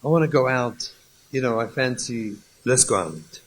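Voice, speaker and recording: A man voicing a wife cooped up at home, weary and plaintive, turning shrill with exasperation. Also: animated, moderate pace, slight background noise, lightly acted. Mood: weary pleading.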